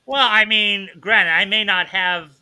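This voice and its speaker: A man's voice: sits high, a little slow, sharp tone, rough recording. A man joining a casual stream chat, talking hesitantly and restarting his words. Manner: hesitant, stumbling over words.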